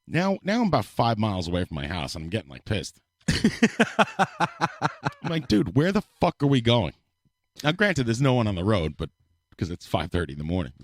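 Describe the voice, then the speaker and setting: A man's voice: lowish voice, wildly swooping pitch, moderate pace, pauses often, no room sound. A man telling a long story in casual, profane chat on a podcast, speaking close to the mic. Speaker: podcast co-host.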